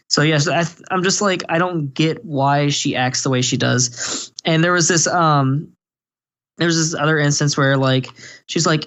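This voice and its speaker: A man's voice: on the high side, normal speed, fairly bright tone. A young man ranting casually on a podcast, rambling and profane, stopping often with fillers. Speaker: podcast co-host. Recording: dull lo-fi podcast recording.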